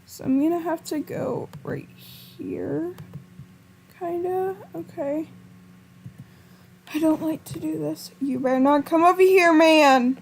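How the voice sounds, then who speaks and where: A woman with a high voice narrates her game in a panicky, pleading way, speaking to her viewers. She talks slowly and drawn out, with plenty of pauses between bursts. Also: creaky, slight background noise. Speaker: gamer. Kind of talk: gameplay commentary.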